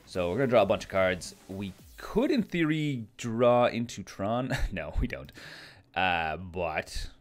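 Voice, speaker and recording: A man with a put-on Australian accent, chatting casually and thinking aloud as he comments on his own card game. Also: lowish voice. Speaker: gameplay commentator.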